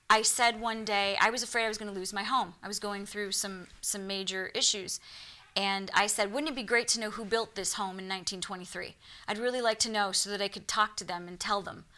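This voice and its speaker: A woman's voice: medium pitch, bright, forceful tone. A woman with a Michigan accent, a guest on a TV talk show, telling her own experiences earnestly and acting out the voices she quotes. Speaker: guest, psychic medium. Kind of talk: storytelling in a TV interview.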